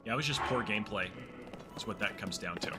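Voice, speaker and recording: A man's voice: fairly low pitch, expressive, quick pace. A man doing casual live-stream commentary as he plays. His voice swings up and down as he teases himself about his mistakes. Game music plays underneath. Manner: self-mocking, laughing, chatty. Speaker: gaming streamer.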